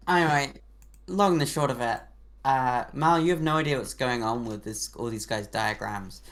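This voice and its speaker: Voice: medium pitch, animated, normal speed, a bit bright. A game master narrating a tabletop role-play game in a loose, rambling way.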